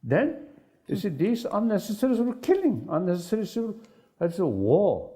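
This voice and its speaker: An older man who is not an English speaker, talking in a halting, searching way with many fillers and ready laughs. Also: high voice. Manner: laughs easily, animated. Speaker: spiritual leader in dialogue. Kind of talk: unscripted dialogue.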